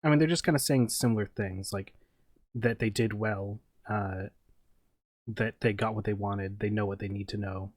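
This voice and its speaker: A man's voice: on the low side, steady tone, moderate pace, a little mellow, no echo. A man narrating a tabletop game as game master, in a loose, rambling way full of fillers.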